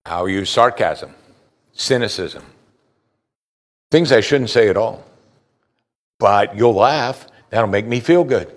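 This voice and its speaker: A man's voice: fairly low pitch, animated, slow pace, pauses often. Conversational male pastor preaching. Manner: conversational preaching, asks the congregation direct questions; repeats words when starting a thought. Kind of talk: sermon.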